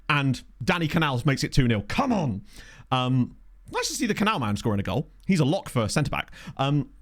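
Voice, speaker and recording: A man giving chatty, excitable live commentary on a football management game he is playing. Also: fairly high pitch. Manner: excitable, chatty, thinks aloud. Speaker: video game streamer.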